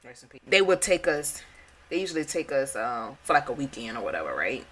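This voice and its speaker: A woman in her thirties co-hosting a podcast, chatting casually and telling animated stories, acting out quoted lines with laughter. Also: a bass voice, brisk. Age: 30s. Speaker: podcast co-host. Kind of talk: casual chat. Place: Atlanta.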